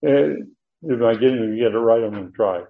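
An older man teaching a verse-by-verse Bible lesson, halting with many fillers and sudden emphatic rises. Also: medium pitch, creaky. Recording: tinny phone-like recording.

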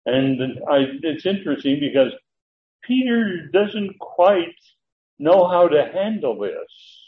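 A man's voice: a little high, very animated, slow, phone-quality sound. A man teaching a Bible study, explaining Greek words and acting out the quoted dialogue, with some restarts and fillers as he checks his notes.

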